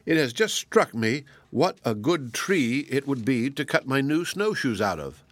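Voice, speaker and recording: A man voicing a sly, scheming male fox, smooth and falsely regretful. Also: mid-range voice, sing-song, unhurried, fairly bright tone, dry recording, pitched above the performer's own voice.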